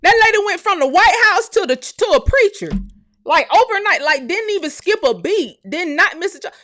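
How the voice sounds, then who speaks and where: A woman's voice: very high-pitched, animated, brisk, fairly bright tone. A woman hosting her channel, giving loose, outspoken reaction commentary full of exclamations and laughter. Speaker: channel host.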